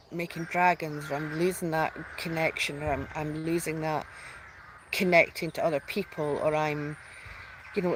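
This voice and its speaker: A woman's voice: sits low, a little hiss or hum, low-quality recording. A woman hosting her own spiritual channel, talking in a heartfelt, rambling way full of restarts and fillers, close to tears at times. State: tearful at times. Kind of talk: emotional personal announcement.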